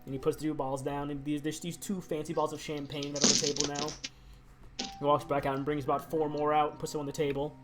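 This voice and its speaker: A male game master narrating a tabletop game on a live stream in a casual, chatty way. His voice sits a little high for a man, he laughs often and restarts his sentences, and soft guitar music plays quietly behind him. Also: little pitch movement, fast.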